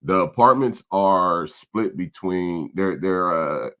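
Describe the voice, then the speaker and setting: Man, middle-aged, low voice, laid-back slang, emotional. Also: slow pace, sharp tone. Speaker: vlog host, father. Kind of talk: casual vlog chat.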